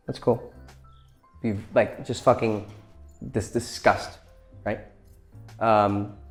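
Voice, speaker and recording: A man giving blunt, profane dating advice in a casual lecture, acting out quoted lines as he goes. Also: lowish voice.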